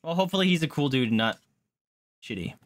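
Excitable male streamer, lively swooping delivery, swears often while playing. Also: on the high side, quick pace, dry recording. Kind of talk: gameplay commentary.

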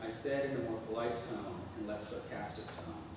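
A man reading a memoir piece aloud at a spoken-word event in an art gallery, with a dry, deadpan storytelling manner. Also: on the low side, normal speed. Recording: echoey hall, far mic, noisy.

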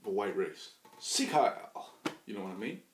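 Husky-voiced man, crude rambling monologue. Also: low-pitched, fast talker. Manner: crude, joking, erratic bursts of loud mock bravado. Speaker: podcast host.

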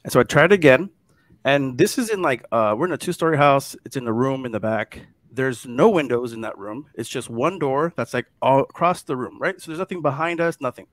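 A man telling a ghost story in casual chat, animated and dropping to hushed tones at the scary parts. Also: medium pitch, dry recording. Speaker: guest storyteller.

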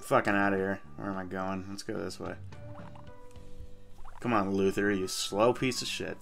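A man's voice: low voice, steady tone, normal speed, creaky, a bit bright, soft background music. A man playing a kids' game and mocking it with crude, sarcastic commentary. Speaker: let's play gamer. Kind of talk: profane comedic game commentary.

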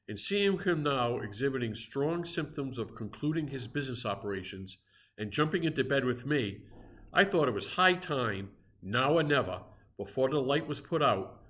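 A man with a mid-pitched voice reads a classic novel aloud. He narrates steadily and expressively, leaning into the drama of the lines. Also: fairly bright tone. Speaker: reader.

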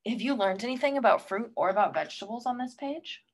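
Lively-voiced woman teacher reading aloud. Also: on the high side, fast. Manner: coaxing questions to young students. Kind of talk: picture book read-aloud lesson.

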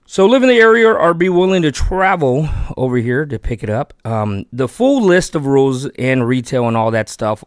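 Excitable fishing vlogger man, dry sound. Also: medium pitch, normal speed, hardly any pauses, smooth, no echo. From Texas. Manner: chatty and excitable, talks himself out of keeping the gear. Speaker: fishing channel host. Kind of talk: casual giveaway vlog talk.

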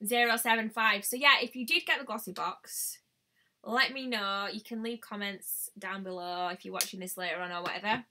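A woman's voice: mid-range voice, normal speed, bright, forceful tone. A young woman chatting casually on a live stream as a beauty vlogger, thinking aloud and exclaiming often. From United Kingdom.

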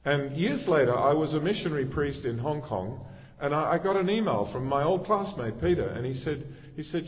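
A middle-aged man preaches a sermon in a relaxed, anecdotal way, restarting sentences as he goes. His voice sits fairly high for a man. The sound carries the long reverb of a church hall. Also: normal speed. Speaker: pastor.

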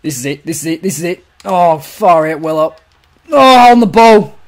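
A young Australian man calling his own football video game, jumping from quiet muttering to loud cheering when goals go in. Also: fairly high pitch, expressive, normal speed. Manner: swings from muttered asides to shouted goal calls. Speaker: gaming commentator. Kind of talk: excited play-by-play over a football video game.

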